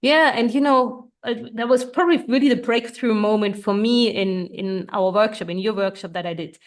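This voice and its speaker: A woman hosts a podcast interview. She talks in an easy, conversational way and answers her guest warmly. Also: mid-range voice, normal speed. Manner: friendly, affirming, conversational. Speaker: podcast host.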